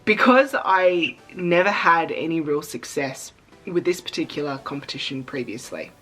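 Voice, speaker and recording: A young woman vlogging in a chatty, excitable way, fighting back tears as she talks. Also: sits low, moderate pace, rough recording. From Australia. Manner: chatty, excitable, emotional, trying not to cry. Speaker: cosplay vlogger. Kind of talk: casual vlog talk.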